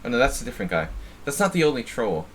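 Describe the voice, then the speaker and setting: A man's voice: medium pitch, big pitch swings, quick pace, a little hiss or hum. A man from New Jersey giving casual live-stream chess commentary, thinking aloud and often repeating words as he muses. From New Jersey, USA.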